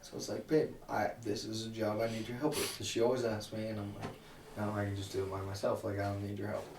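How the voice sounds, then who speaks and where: A man's voice: fairly low pitch, little pitch movement, fast talker. Young guy guesting on a podcast, self-deprecating, swearing, sounds far from the mic in an echoey room w/ a faint hiss. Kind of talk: casual chat. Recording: roomy, distant mic.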